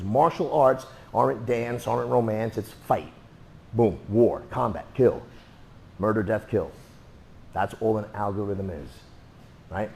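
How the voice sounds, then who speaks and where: A man's voice: medium pitch, gravelly, warm tone. A man teaching martial arts. He coaches students through drills with repeated, emphatic cues and counts out the moves.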